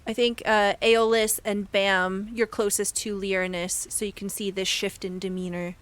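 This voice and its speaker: A woman's voice: mid-range voice, little pitch movement, normal speed, fairly bright tone. A woman running a tabletop game as game master, explaining rules patiently and narrating the scene.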